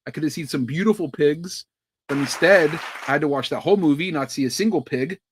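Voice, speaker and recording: A man co-hosting a podcast, delivering sarcastic, deadpan hot takes in casual banter. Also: fairly high pitch, brisk, slight background noise. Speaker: podcast co-host.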